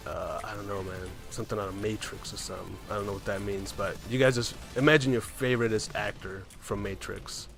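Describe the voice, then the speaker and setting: A man with a fairly low voice tells a game story in a loose, rambling way. He keeps checking in with "right?" and "man" as he goes, and faint music plays in the background. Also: steady tone, fairly quick, vocal fry, few pauses. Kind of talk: casual storytelling of a game run.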